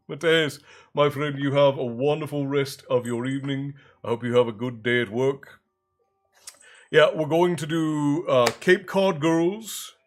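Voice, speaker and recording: A man hosting a casual live stream with an easygoing, talkative delivery. He sits at a middle pitch and reads out messages and greetings from his viewers. Faint music plays quietly behind him. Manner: chatty, reads chat aloud and thanks viewers.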